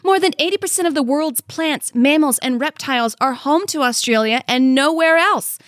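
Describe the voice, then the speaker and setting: A woman with a high voice chats playfully on a podcast. She is irreverent and swears casually. The sound is close and dry. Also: moderate pace, a bit bright, dry recording. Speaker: podcast co-host. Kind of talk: casual comedic chat.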